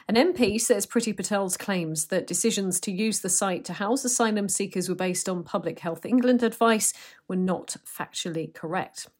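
A woman presenting a local news bulletin in a crisp, measured read. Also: medium pitch. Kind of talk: scripted news reading.

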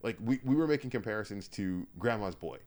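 A man with a very deep voice co-hosts a relaxed podcast. He rambles, restarts his sentences and laughs between phrases. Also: fast. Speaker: podcast co-host. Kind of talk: casual podcast chat.

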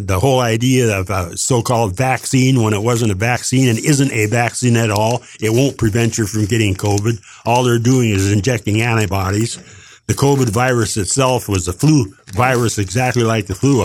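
A man's voice: medium pitch, slight background noise. An older man delivering a heated, rambling opinion monologue as a podcast co-host, emphatic and indignant, with frequent restarts.

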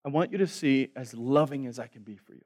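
A male pastor preaching a sermon, dropping to a hushed voice on key words. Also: medium pitch, fast.

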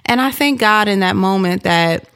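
A woman in her thirties telling a personal story in an animated, chatty way, with many fillers. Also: mid-range voice, moderate pace, smooth. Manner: animated, chatty, lots of "like" and "you know".

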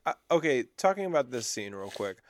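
A man co-hosting a podcast, chatting casually about movies in an animated way and laughing often. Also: mid-range voice, no echo, clean studio sound. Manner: animated, laughs often, slips into quick impressions. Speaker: podcast co-host. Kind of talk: casual movie commentary chat.

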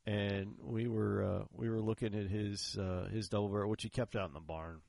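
A man telling stories in casual chat, lively and laughing, often repeating words. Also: fairly low pitch, moderate pace, creaky, no room sound, studio quality. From Southern US.

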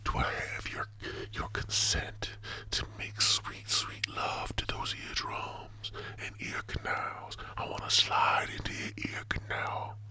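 A man putting on a breathy seductive whisper. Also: slow, few pauses, background noise, lightly acted. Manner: mock-seductive, soothing whisper. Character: mock-seductive male lover whispering sweet nothings. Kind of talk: whispered role-play.

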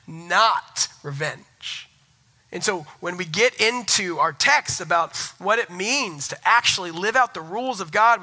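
A man's voice: high-pitched, pushed and bright, rough recording. A man in his thirties preaching a sermon, telling stories with self-mocking humor. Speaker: pastor.

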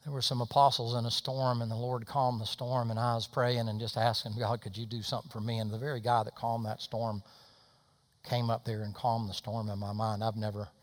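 A man voicing a humble, once-possessed man in a sermon story, talking low and quiet. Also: flat delivery, brisk, close to an everyday voice.

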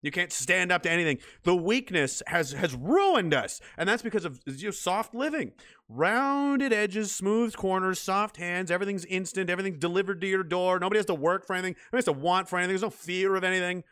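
A man's voice: sits high, animated, fairly quick, fairly bright tone. A man delivering a blunt, profane, combative monologue rant, often restarting and repeating words. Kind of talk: ranting monologue.

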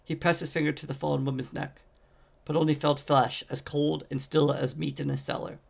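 A man reads a fantasy novel aloud in a steady, measured way. His voice sits a little high and stays flat in pitch, with heavy vocal fry running through it. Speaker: audiobook reader.

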